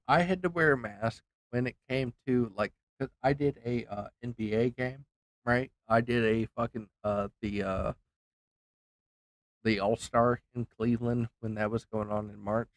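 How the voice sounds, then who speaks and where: A man's voice: medium pitch, unhurried, fairly bright tone, no echo. A man rants while he streams a game, swearing hard and tripping over his own restarts. His voice sits in a middle range. The mic is close and dry, with no room sound. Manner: profane, heated, rambling with restarts. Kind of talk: casual ranting story while gaming.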